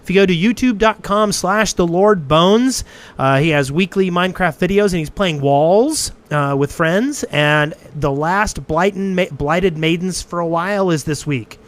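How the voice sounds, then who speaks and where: A man's voice: high voice, expressive, measured pace. A young man hosting a podcast in casual chat, rambling and self-deprecating, laughing often. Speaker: podcast host.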